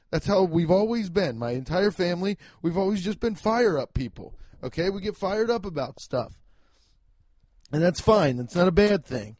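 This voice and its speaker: Loud, emphatic young man ranting. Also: high-pitched, expressive, moderate pace, dry recording, clean studio sound. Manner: loud, emphatic, swearing, self-mocking. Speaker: podcast host. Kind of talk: casual solo podcast rant. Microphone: home podcast mic.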